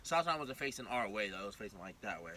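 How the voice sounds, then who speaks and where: A young man telling a storytime vlog in an excitable, slangy way, acting out the scene as he goes. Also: lowish voice, quick pace, a little hiss or hum. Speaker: vlogger. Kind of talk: animated storytime.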